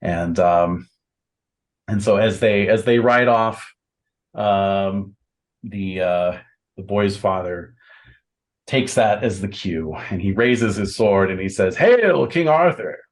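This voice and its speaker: A man narrating as game master of a tabletop game, unhurried, with many fillers and restarts. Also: low voice, fairly even intonation.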